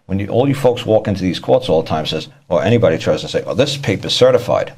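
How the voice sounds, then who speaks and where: A man's voice: low-pitched, animated, quick pace, gravelly, mellow, husky. A man talking casually about court matters, rambling and repeating himself, acting out the people he quotes. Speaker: speaker on law and court tactics. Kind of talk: casual explanatory talk.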